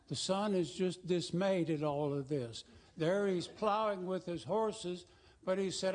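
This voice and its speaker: A man's voice: high-pitched, measured pace. A man giving a folksy, joking talk to a congregation. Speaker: lay speaker at a congregation service. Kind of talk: humorous talk with slides. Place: congregation hall.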